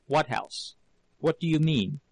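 A man playing a furious young husband who shouts and demands answers, in a slow, gravelly reading. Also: fairly high pitch, no room sound. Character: furious young working-class husband, violent temper.

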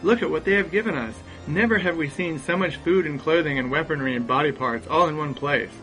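A man voicing pompous tribal priests who declaim brightly and quickly in a storybook reading. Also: on the high side, faint music behind, close to an everyday voice, rough recording. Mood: proclaiming.

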